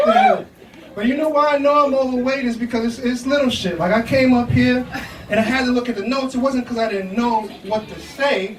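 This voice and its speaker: This young comedian speaks briskly in a very high-pitched voice with lively intonation, doing a loose, profane set at a comedy club and laughing at his own material. The distant recording has an echoey club sound, with audience noise and the crowd laughing and reacting.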